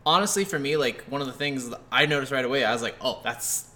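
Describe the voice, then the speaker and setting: Lively-pitched rambling podcast guy. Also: racing. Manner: laid-back, rambling, full of fillers. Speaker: podcast co-host. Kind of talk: casual game review chat.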